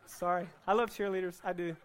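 High-voiced man preaching with animated emphasis. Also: normal speed, a faint crowd. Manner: animated, joking asides, rising to loud emphatic preaching. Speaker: pastor. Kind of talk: sermon.

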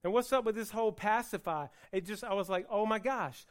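A man preaching a sermon on Hebrew words for worship, mixing joking asides with loud, emphatic passages. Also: sits high, brisk, hardly any pauses. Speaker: pastor.

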